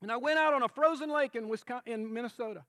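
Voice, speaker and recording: A middle-aged man preaching a sermon as pastor, impassioned, swinging from soft tender lines to shouted cries. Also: very high-pitched, fast, dry recording.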